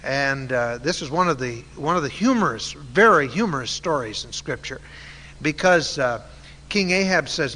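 A man's voice: mid-range voice, lively intonation, moderate pace, pushed and bright. A man telling a Bible story in a sermon, conversational and full of uh fillers. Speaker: Bible teacher. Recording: long hall reverb.

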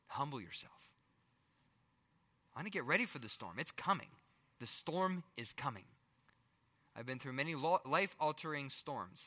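A middle-aged male pastor preaching a sermon, firing rhetorical questions and swinging between loud emphasis and hushed asides. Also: on the high side, very animated, moderate pace, long pauses, big-room sound.

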